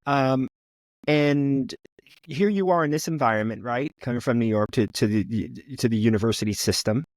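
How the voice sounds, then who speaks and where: A middle-aged man hosts an interview, asking relaxed, conversational questions. His voice sits at a middle pitch and he drops in Spanish asides. The recording is dry and close. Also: moderate pace, dry recording. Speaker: interview host, coach.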